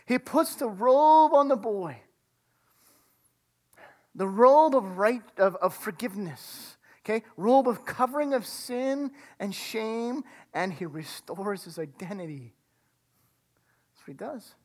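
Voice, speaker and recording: A woman preaching a sermon, retelling a story dramatically and dropping to a hush for emphasis. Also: fairly high pitch, animated, takes it slowly. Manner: dramatic retelling, acting out the characters' lines.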